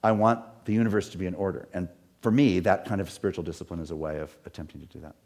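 A man's voice: sits low, fairly even intonation, quick pace, a little mellow. A middle-aged man, a pastor, talking in an earnest, rambling way with many restarts. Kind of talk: reflective talk.

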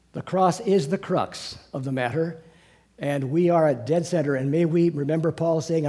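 Husky-voiced man preaching a sermon. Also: mid-range voice, warm tone. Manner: earnest, rambling with restarts, rising to fervent emphasis. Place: church sanctuary.

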